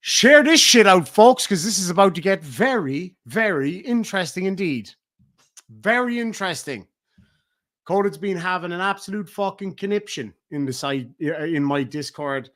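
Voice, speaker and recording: A middle-aged Irish man ranting on a livestream, profane and taunting, swinging between loud outbursts and low mutters. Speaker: streamer. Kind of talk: heated livestream rant.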